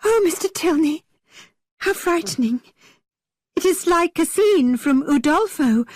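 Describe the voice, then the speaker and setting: A woman voicing an excitable, nervous young woman with a high, trembling voice. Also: a little slow, no echo, clean studio sound. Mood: anxious.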